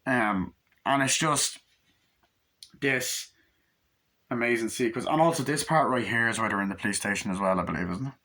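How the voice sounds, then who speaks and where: A man's voice: medium pitch, moderate pace, long pauses, bright, forceful tone. A man giving a casual, rambling film review, full of fillers and swearing. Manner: rambling, swears often, lots of "like" and "um". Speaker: movie reviewer.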